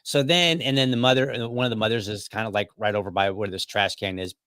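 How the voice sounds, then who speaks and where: A man's voice: on the low side, steady tone, fast, fairly bright tone, clean tone, no room sound. A man hosting a podcast, telling a story casually with many restarts and asides. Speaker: podcast host.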